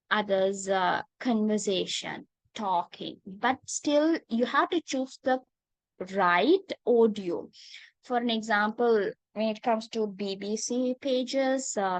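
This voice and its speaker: A woman's voice: fairly high pitch, no echo, poor audio. Sri Lankan woman teaching a patient online class. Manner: patient, calls students darling and dear, many filler "uh"s. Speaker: English teacher. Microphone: video call.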